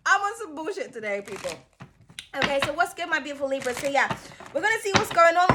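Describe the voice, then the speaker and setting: A woman's voice: sits high, sing-song, quick pace, very noisy. A young woman giving a casual tarot reading to her viewers, playful and loose, swearing freely and calling them darling. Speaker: tarot reader.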